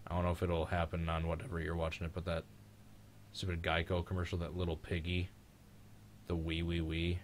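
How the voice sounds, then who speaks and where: A young man with a very deep voice chats casually over a live race stream, joking around and getting loud at tense moments. A faint hiss sits under the recording. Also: completely flat delivery, fairly quick. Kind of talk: casual live reaction chat.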